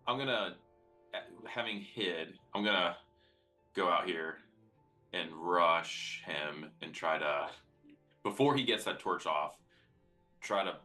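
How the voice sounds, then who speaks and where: A man's voice: low voice, slow, pauses often, sharp tone, faint music behind. A man playing a tabletop game, talking in a casual, laid-back way with fillers. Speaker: player. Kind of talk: tabletop role-play chat.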